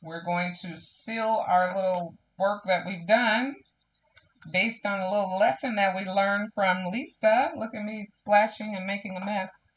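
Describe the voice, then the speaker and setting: A woman's voice: medium pitch, steady tone, unhurried. A woman hosting a live crafting stream, chatting casually and slipping into preachy, faith-filled testimony to viewers. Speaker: crafting livestream host.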